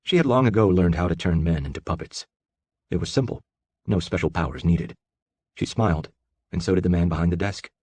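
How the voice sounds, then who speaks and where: A man narrating an audiobook in a steady, measured storytelling voice. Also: low voice, no echo. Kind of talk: scripted narration.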